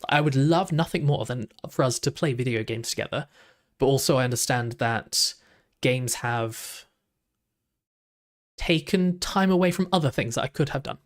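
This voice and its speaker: A man's voice: medium pitch, moderate pace. Chatty young man, rambling. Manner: chatty, rambling, many likes and restarts. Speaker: streamer reacting to videos. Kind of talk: casual reaction chat.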